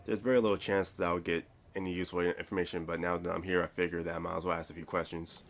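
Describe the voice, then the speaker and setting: Low-voiced man reading a game aloud, loose and rambling, light hiss behind. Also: level tone, quick pace. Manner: rambling, stumbles and restarts, self-mocking asides. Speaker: player reading a visual novel aloud.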